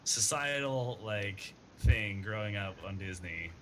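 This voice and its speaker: A man's voice: fairly low pitch, takes it slowly, low-quality recording. A young man chatting casually and joking while streaming a trucking game, rambling and swearing. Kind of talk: casual chat while gaming. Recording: loud background noise.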